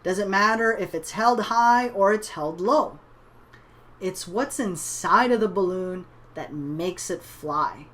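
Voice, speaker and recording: A woman doing a wise, calm clown. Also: mid-range voice, takes it slowly. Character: gentle wise male clown.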